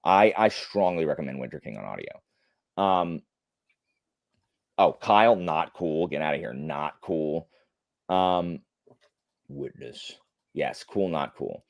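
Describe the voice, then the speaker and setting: Young man, livestream host, casual rambling chat, lively pitch, dry close sound. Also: slow, creaky, long pauses, dry recording. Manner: rambling, animated storytelling with many fillers.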